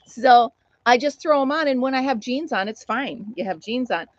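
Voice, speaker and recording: A woman's voice: a little high, moderate pace, dry recording, muffled recording. A middle-aged American woman hosting a casual live stream chat, telling a funny story and laughing often as she reads viewer comments.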